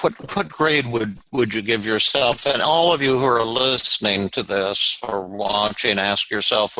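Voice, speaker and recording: A man's voice: mid-range voice, pushed and bright, no room sound, poor audio. A man hosting a live therapy session, encouraging the client and speaking directly to listeners. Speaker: therapist and podcast host.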